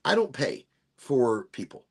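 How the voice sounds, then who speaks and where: Gravelly, rambling middle-aged male stream host. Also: medium pitch. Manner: rambling, laughing, self-mocking. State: high while smoking. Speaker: livestream host. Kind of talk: casual livestream chat.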